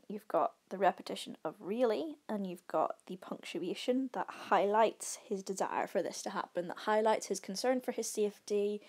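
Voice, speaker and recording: A woman's voice: medium pitch, a little mellow. A woman teacher talking through exam answers, explaining patiently, with frequent ums and short readings from the text. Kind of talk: exam revision walkthrough.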